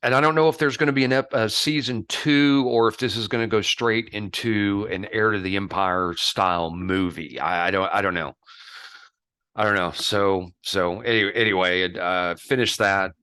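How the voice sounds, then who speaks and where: A man co-hosting a casual podcast, his low voice carrying a sharp, forceful edge. He rambles and restarts his sentences, often laughing. The sound is dry and close to the mic. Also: fairly even intonation, smooth, no room sound. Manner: rambling, halting, laughs a lot. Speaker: podcast co-host. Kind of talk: casual chat.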